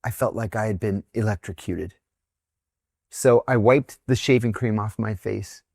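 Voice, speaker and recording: A man's voice: lowish voice, a little slow, vocal fry, dry recording, studio quality. A man being interviewed as a guest, candidly telling long personal anecdotes in a conversational way and acting out the people he quotes. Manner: candid, animated anecdote-teller who acts out quotes. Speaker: interview guest, former intelligence officer. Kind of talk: conversational storytelling.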